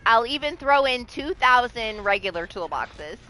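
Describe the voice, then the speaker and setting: A woman's voice: a little high, expressive, normal speed, background noise. A woman livestreaming a video game, chatting casually, exasperated and often laughing and swearing. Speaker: streamer. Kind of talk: casual live game streaming.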